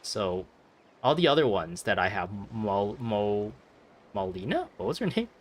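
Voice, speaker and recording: A man's voice: fairly low pitch, big pitch swings, unhurried. A man giving rambling, jokey commentary while playing a game. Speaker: streamer. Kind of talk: gameplay commentary. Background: game music.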